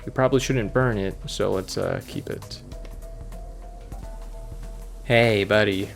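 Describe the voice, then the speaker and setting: This let's play host has a lowish, creaky voice and speaks slowly. He casually comments on the video game he's playing, reading the on-screen text aloud and cracking jokes in a playful manner while faint game music plays.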